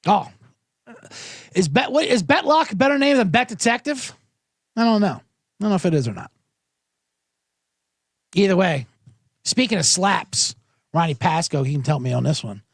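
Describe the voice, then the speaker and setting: A man's voice: sits high, animated, moderate pace, long pauses, dry recording, clean studio sound. A man hosting a casual sports betting podcast, rambling and profane, often cutting himself off mid-sentence. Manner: rambling, profane, self-interrupting. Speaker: podcast host. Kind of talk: casual livestream chat.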